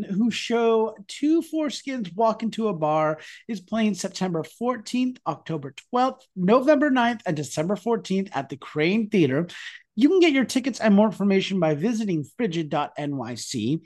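A man's voice: high voice, big pitch swings, moderate pace. A man hosting a theatre interview podcast, signing off in an upbeat, promotional way. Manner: upbeat, promotional sign-off delivery. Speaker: podcast host.

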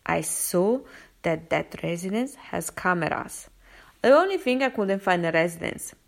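A woman's voice: fairly low pitch, lively intonation, unhurried, creaky. Chatty woman telling a story. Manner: chatty, rambling, with many fillers and restarts. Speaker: vlogger. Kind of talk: casual storytelling monologue. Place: London.

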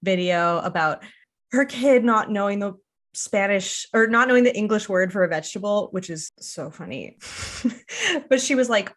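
A woman's voice: mid-range voice, moderate pace. A woman from Quebec co-hosting a podcast, chatting casually with many "like"s and frequent laughter. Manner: chatty, lots of "like", laughs often. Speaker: podcast co-host. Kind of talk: casual chat.

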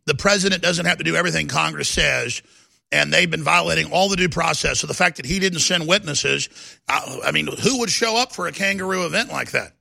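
A man hosting a talk radio show, ranting and fiery, often bursting into shouts as he takes calls. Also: on the high side, a little fast, creaky, dry recording.

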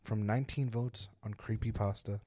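A man's voice: fairly low pitch, steady tone, moderate pace, dark tone, no room sound, clean studio sound. A man hosting a casual podcast, joking around and reading spooky stories aloud with dramatic emphasis. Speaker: podcast host.

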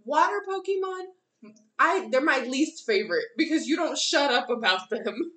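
A woman's voice: sits high, lively intonation, normal speed, fairly bright tone, reverberant. A young woman in casual chat, blunt and profane, laughing often.

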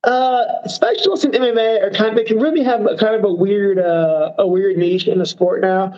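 A man's voice: high-pitched, moderate pace, dull audio. A man, a professional fighter, talking casually in an interview, rambling with many fillers and poking fun at himself. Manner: rambling, self-deprecating, lots of fillers.

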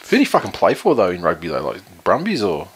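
A man's voice: low-pitched, huge pitch swings, fast, husky. A man co-hosting a sports podcast, rambling and sweary in casual chat. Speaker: podcast co-host.

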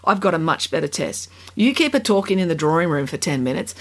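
A woman's voice: lowish voice, sing-song, fast. A woman voicing a whiny, entitled young prince in a storybook reading, with a petulant, indignant manner.

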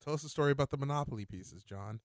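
A man's voice: medium pitch, racing, dry recording. A man co-hosting a podcast, talking in a loose, laid-back way and swearing casually. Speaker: podcast co-host. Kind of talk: casual chat.

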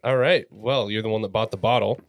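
A man's voice: on the low side, steady tone, brisk, creaky, dry recording. A man co-hosting a casual bourbon tasting chat, easygoing and a little hesitant. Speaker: podcast co-host.

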